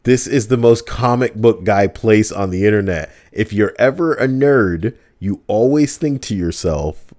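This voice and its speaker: Young guy streamer, lowish voice, swears a lot, teasing and arguing. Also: animated, unhurried, few pauses, darkish tone. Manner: profane, teasing, argumentative. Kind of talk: casual live-stream chat.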